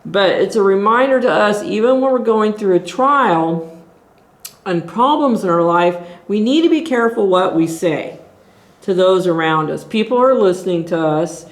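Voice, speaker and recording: A woman's voice: mid-range voice, expressive, moderate pace. A woman leading a group Bible study, teaching in an earnest, exhorting way as she thinks aloud. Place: church meeting room. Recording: echoey room.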